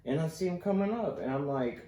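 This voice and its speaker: A man's voice: on the high side, a little fast. A young man, hosting a casual podcast and telling stories in a rambling way, full of "like". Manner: rambling, animated storytelling with lots of "like". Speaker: podcast host. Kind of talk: casual storytelling chat. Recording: echoey room, faint background noise.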